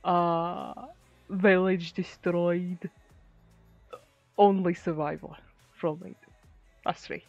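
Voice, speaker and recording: A woman playing a hardened young man, the sole survivor of his village, who speaks bluntly and flatly. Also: on the low side, very slow, pauses often, dry recording, faint music behind, voice pushed down. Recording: dull lo-fi sound.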